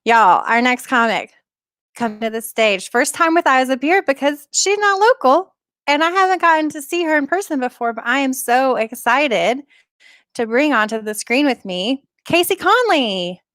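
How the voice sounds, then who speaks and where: A woman's voice: sits high, expressive, moderate pace, fairly bright tone, no echo, studio quality. A woman hosting a live comedy show over a video call, giggly and effusive as she introduces comics.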